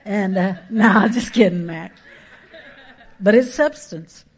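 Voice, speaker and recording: A woman pastor, preaching a sermon in a folksy, emphatic way with quick asides and rising exhortations. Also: medium pitch, slightly rough.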